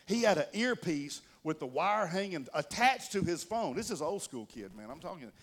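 A pastor delivering a sermon in a relaxed, storytelling way, talking straight to his congregation. His voice sits slightly high for a man, and it swells and falls in loudness as he leans into a point. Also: normal speed. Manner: folksy storytelling, addresses the congregation directly; animated, rises and drops in loudness for emphasis. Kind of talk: conversational sermon.

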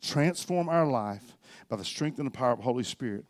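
A middle-aged man preaching a sermon as pastor, swinging between loud exhortation and quiet reflection. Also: a little high, expressive, moderate pace.

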